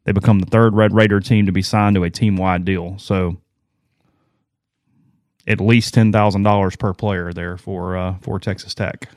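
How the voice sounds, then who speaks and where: A man co-hosting a sports podcast tells rambling, self-deprecating stories in casual chat. His voice sits fairly low, and the close mic keeps the sound dry, with almost no room around it. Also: fairly even intonation, moderate pace, a little mellow, dry recording.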